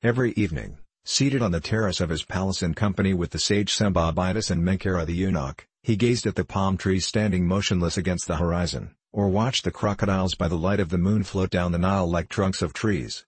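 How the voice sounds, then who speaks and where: A man reading a story aloud as an audiobook narrator, in a steady, even storytelling manner. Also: deep voice, a little fast, hardly any pauses, husky, no echo, low-quality recording. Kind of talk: scripted narration.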